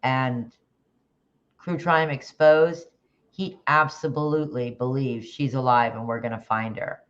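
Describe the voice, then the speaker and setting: Livestream host, casual chat commentary, rambling with restarts, mid pitch, muffled low-fi sound. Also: fairly even intonation, a little slow, fairly bright tone. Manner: rambling, with many restarts, greets chat viewers by name.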